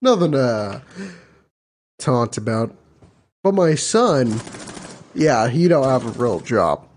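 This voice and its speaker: A man's voice: mid-range voice, big pitch swings, takes it slowly, slight background noise. A man voicing an easygoing middle-aged suburban dad who boasts in an offhand, breezy way, in a comic impression. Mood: boastful. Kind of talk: podcast accent impression.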